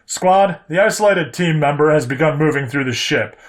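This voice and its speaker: A man voicing a calm female ship computer that gives flat, precise announcements. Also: fairly high pitch, moderate pace, natural voice. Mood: clinical.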